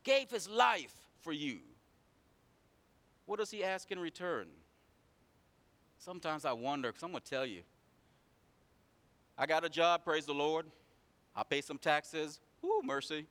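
A man delivers a sermon in a voice pitched a little high and full of movement. He builds repetitive, emphatic runs that climb in force, then sinks into low, quiet asides before rising again. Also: lively intonation, a little slow, pauses often. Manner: repetitive preaching cadence. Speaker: preacher.

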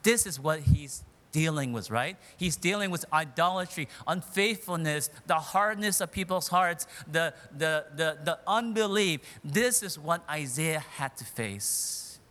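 A man with a high, bright voice preaches a sermon, talking conversationally and often restarting or repeating words. His voice carries the long reverb of a large hall. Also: expressive, unhurried, hardly any pauses.

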